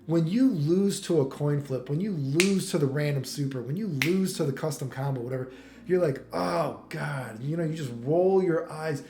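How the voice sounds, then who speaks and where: Rambling man with a higher voice. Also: normal speed, darkish tone. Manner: rambling, profane, many "you know what I mean". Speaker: fighting game video host. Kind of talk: casual monologue. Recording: echoey room with faint music.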